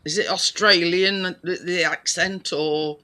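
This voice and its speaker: A British man chatting casually, his voice high and very bright. He talks slowly and rambles, restarting sentences and dropping fillers as he goes. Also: steady tone. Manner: rambling, many restarts and fillers, laughs easily. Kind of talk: casual chat.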